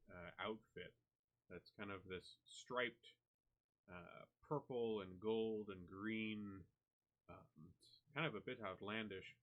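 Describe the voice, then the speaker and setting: A man narrating a tabletop game as game master, relaxed and peppered with hedging fillers. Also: fairly low pitch, phone-quality sound.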